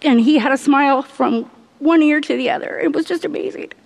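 A middle-aged woman giving a personal faith testimony, earnest and halting, laughing often as she tells it. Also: sits high, vocal fry, big-room sound. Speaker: church member giving testimony.

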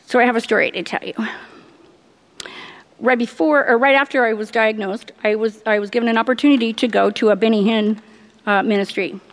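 Middle aged woman sharing her church testimony, earnest, stops and restarts, laughs a lot, kinda high voice, long hall echo. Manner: earnest, halting, laughs often. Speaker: church member giving testimony. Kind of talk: personal faith testimony.

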